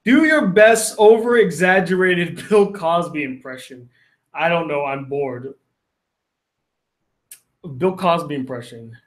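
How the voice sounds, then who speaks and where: High-voiced man casually answering live chat. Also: slow, long pauses. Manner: rambling, swears casually, self-interrupting. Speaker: livestream host answering chat questions. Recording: echoey room.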